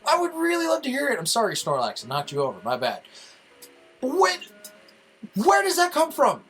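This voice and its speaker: A man's voice: very high voice, huge pitch swings, a little fast, fairly bright tone, breathy edge, poor audio. A young man rants heatedly on a casual podcast, his voice swinging widely as he swears his way through his points. Faint music sits underneath. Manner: heated, profane, ranting. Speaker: podcast co-host.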